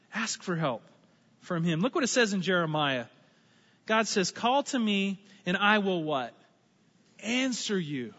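A man preaching a sermon as pastor, conversational and animated, with asides and playful impressions. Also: high-pitched. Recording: muffled sound with long hall reverb.

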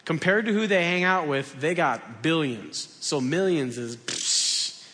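Guy preaching casual and self-mocking, kinda high voice, echo from a big hall. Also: a little slow, sharp tone, a little hiss or hum. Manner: conversational, self-deprecating, acts out dialogues. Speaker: pastor. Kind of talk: sermon. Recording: long hall reverb.

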